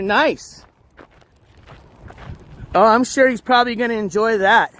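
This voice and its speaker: A man's voice: extremely high pitch, a little slow, pauses often, a bit bright. A man live-streaming outdoors on a trail, chatting casually to viewers with lots of fillers and restarts while walking.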